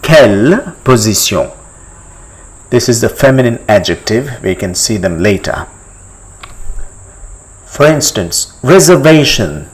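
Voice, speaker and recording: A man teaching a step-by-step language lesson, repeating each word slowly and quizzing the listener. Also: medium pitch, lively intonation, breathy edge, poor audio. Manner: slow, deliberate, repeats each word for practice; asks the listener questions and pauses for answers.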